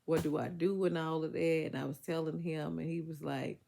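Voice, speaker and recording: Woman vlogger, fry in the voice, casual and emphatic, a bit under the weather. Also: sits low, fairly even intonation, normal speed, dark tone. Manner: chatty, emphatic, Southern US vernacular speech. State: congested, recovering from illness. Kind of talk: casual storytelling to viewers.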